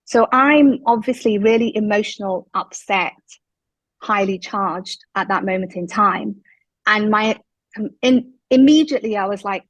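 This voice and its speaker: A woman, a guest telling her story in an interview, emphatic and lively when she quotes what people said. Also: mid-range voice, moderate pace, dry recording, low-quality recording. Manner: animated, emphatic retelling with quoted dialogue.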